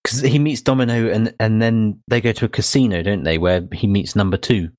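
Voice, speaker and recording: A man co-hosting a podcast, recapping in casual chat, halting with many fillers and laughs. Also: lowish voice, a little mellow, no echo, studio quality. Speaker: podcast co-host.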